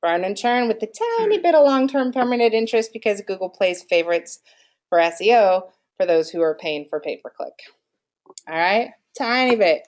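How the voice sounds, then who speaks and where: A woman's voice: mid-range voice, expressive, moderate pace, darkish tone. A woman giving a live marketing workshop in a room with an audience, quizzing listeners and asking them for answers as she goes. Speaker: marketing presenter.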